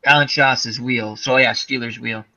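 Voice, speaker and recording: Bright-toned excitable man chatting. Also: mid-range voice, moderate pace, lo-fi sound. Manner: excited rambling retelling with laughs. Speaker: livestream chat host. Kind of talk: casual chat.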